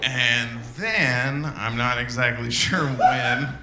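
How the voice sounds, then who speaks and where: A comedian telling a personal story on stage, halting with fillers and bursting into shouted quotes. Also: male voice, mid-range voice, echoey room, over a noisy crowd, very noisy.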